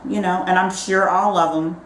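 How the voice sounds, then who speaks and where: Emphatic middle-aged mom in an echoey room. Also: female voice, on the low side, steady tone, moderate pace, slight background noise. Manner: emphatic, opinionated. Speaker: co-host, mother. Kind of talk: casual TV recap chat.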